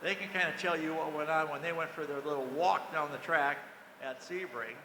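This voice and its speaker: A man's voice: fairly high pitch, fairly quick. An older man, once a race team manager, telling a story at a dinner panel and acting out the dialogue of its characters. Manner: animated storyteller who acts out the dialogue. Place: banquet hall during a dinner. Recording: echoey banquet hall over a PA, faint noise.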